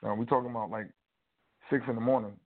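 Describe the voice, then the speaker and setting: A man co-hosting a casual talk show, telling a rambling, animated story full of fillers. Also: medium pitch, fast. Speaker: co-host. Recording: tinny phone-like audio.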